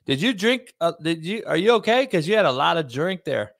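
A man hosts a talk show with a high voice that swings widely. His talk is a profane, animated, rambling rant full of swearing and laughter. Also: fairly quick, gravelly, few pauses, dry recording. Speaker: host. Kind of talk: casual chat.

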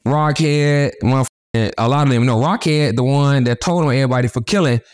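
A man being interviewed, telling stories in rapid, animated, profane street talk full of restarts. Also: mid-range voice, clean tone. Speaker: interview guest. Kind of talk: casual storytelling interview.

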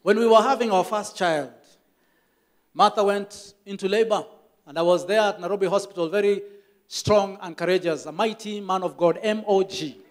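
A man's voice: sits high, moderate pace. A Kenyan man preaching a church sermon as the pastor, telling stories with emphatic repetition.

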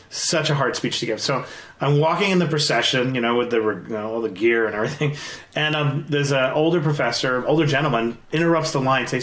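A man in his forties talks candidly as a guest, telling stories in quick bursts full of restarts. His voice sits at an ordinary pitch. The recording is roomy, with noticeable echo. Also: fairly bright tone. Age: 40s. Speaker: guest, investor. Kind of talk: casual podcast interview.

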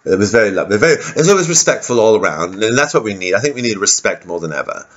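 A man rambles through a sardonic comic monologue, swearing casually and changing course mid-thought. His voice sits fairly low. The recording is dull and lo-fi. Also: big pitch swings, fast talker, fairly bright tone. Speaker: comedian.

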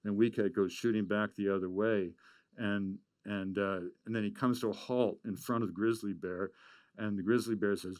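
A man giving a storytelling talk, animated and full of stammered restarts. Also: on the low side, normal speed, no echo. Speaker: speaker.

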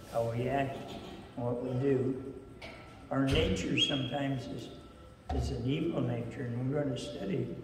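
A man preaching a folksy sermon at a rehab center, telling a joke story in a slow, plain-spoken way. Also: medium pitch, background noise. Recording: echoey hall from far off.

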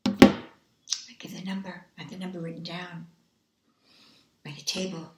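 A woman preacher giving a dramatic testimony, swinging between hushed whispers and loud exclamations. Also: on the low side, flat delivery, unhurried, roomy sound, very noisy.

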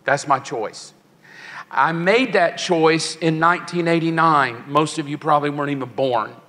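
A man's voice: fairly high pitch, fairly even intonation, moderate pace, sharp tone. Man in his sixties preaching in a large hall. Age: 60s. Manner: emotional storytelling, acts out quoted voices. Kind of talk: sermon. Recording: long church hall reverb.

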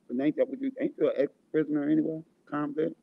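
A man in a heated, profane vlog rant, insulting people, swinging between loud outbursts and quiet asides, with a husky voice. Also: a little high, fairly even intonation, fast talker, narrow, tinny audio. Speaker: vlogger. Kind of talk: angry profane rant to camera.

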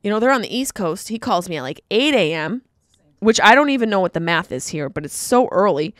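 Female comic host, animated storyteller, mid pitch, dry close sound. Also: a little fast, dry recording. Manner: animated storytelling, jokey asides. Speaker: podcast host and comedian. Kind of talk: comedic monologue.

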